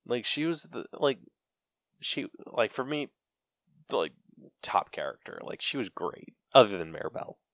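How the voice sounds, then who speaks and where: A man's voice: medium pitch, big pitch swings, normal speed, a bit bright, no echo, clean studio sound. A man co-hosting a podcast in casual chat, rambling with lots of fillers and laughs. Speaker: podcast co-host.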